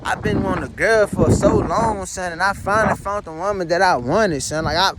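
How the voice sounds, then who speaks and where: A young man pours out his frustration and heartbreak, swearing freely. His voice sits high for a man. Steady background noise and passing vehicles run under the recording. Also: a little fast. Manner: heartbroken, frustrated venting with heavy profanity. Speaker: vlogger. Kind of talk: emotional personal monologue.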